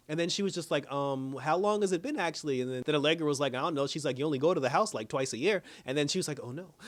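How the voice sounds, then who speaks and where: Man casually recapping a TV episode. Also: fairly high pitch. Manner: animated retelling, quoting characters, laughing often. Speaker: show reviewer.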